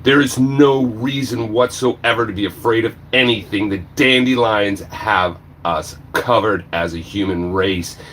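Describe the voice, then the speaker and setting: A man ranting on a livestream, swearing a lot and swinging between shouting and low muttering. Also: measured pace, hardly any pauses, a little hiss or hum. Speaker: livestream vlogger. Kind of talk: angry profane rant.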